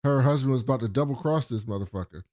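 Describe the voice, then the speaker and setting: An animated man recaps a show with his co-host, swearing freely and slipping into voices for the characters he quotes. His voice sits at an everyday middle pitch. The recording is dry and close. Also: quick pace, no echo. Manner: animated, profane, acts out quotes in funny voices. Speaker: podcast co-host. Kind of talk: casual recap chat.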